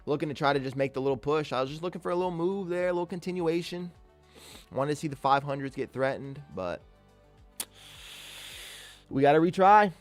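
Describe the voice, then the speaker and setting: A man's voice: a little high, fairly quick, pauses often, soft background music. A man giving live trading commentary, talking to himself about his trades, swearing a lot and sounding exasperated. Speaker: day trader streaming live.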